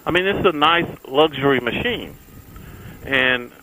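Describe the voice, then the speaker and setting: A man's voice: mid-range voice, a little slow, sharp tone, a little hiss or hum, low-quality recording. A man, a motorcycle vlogger talking casually to viewers while riding his bike on the freeway, folksy and chatty. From Texas. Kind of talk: casual riding vlog chat.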